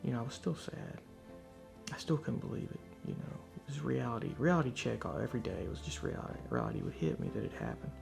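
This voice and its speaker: A man speaks in a candid, reflective way, telling his personal testimony. His mid-pitched voice is deeply gravelly, full of vocal fry. Faint guitar music plays quietly behind him. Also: huge pitch swings, fast. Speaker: speaker sharing a faith testimony.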